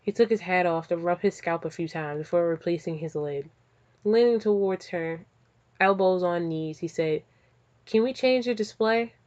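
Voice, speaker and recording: A woman casually reading fanfiction aloud and breaking off into profane, animated comic asides. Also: fairly low pitch, normal speed. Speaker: fanfiction reader and reactor. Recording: slightly dull lo-fi audio.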